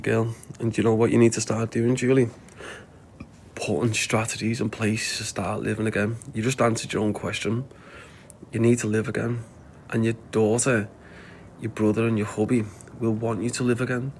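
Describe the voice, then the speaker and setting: A middle-aged Liverpool man with a Scouse accent hosts a casual livestream, answering viewer comments with blunt, sweary life advice. His voice is lowish, creaky and slightly mellow, delivered flatly and fairly fast over faint background noise.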